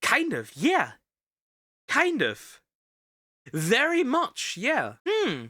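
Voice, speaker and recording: With a very high-pitched voice, this male VTuber speaks extremely slowly while reacting to a video. He's lively and sarcastic, often stumbling and repeating himself, and the sound is clean studio audio with no room sound.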